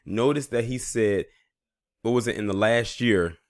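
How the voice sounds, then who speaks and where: Man, vlog commentary, casual and relaxed, somewhat low voice, dry room. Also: a little slow, no room sound. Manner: relaxed, conversational, explaining to viewers. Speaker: vlogger commentator.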